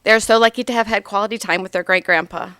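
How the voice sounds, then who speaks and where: A woman in her thirties reading a eulogy for her grandfather aloud, heartfelt and gently humorous. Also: medium pitch, steady tone, quick pace, dry recording.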